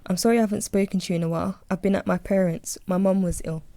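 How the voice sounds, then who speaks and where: Easygoing young guy, woman reading him, warm mellow voice. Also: medium pitch, fairly even intonation, fast talker, no echo, close to an everyday voice. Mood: friendly. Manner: easygoing, polite. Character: friendly young man, polite neighbour. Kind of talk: audiobook reading.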